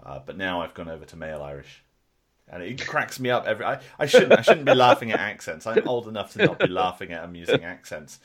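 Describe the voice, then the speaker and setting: A man's voice: low-pitched, very animated, fast, a crowd in the background. A man co-hosting a podcast, chatting casually about tech and laughing at his own stories. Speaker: podcast co-host.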